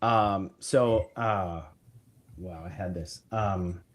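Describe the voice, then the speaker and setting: A man with a low-pitched voice speaks extremely slowly, with a little hiss or hum in the audio. As a podcast guest and real estate investor, he enthusiastically rambles through his business methods in casual interview chat, with many fillers and restarts.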